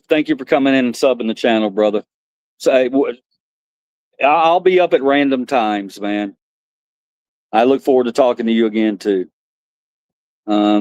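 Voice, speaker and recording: A middle-aged man hosting a livestream chats casually, rambling through old stories and laughing at himself. His voice is mid-range, with no echo.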